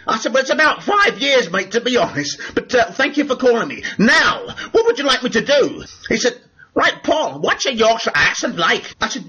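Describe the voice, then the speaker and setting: High, bright-voiced chatty man. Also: sing-song, normal speed. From Britain. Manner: chatty, often laughing through his words. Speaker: actor and vlogger. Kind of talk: storytelling vlog. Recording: dull lo-fi sound.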